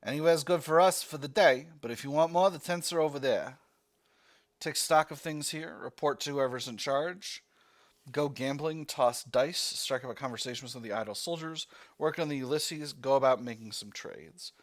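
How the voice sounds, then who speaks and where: A man voicing a brash, chatty American army sergeant, attempting a New Jersey accent and talking loud and fast like a wheeler-dealer. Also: medium pitch, close to an everyday voice. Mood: wheeling-dealing.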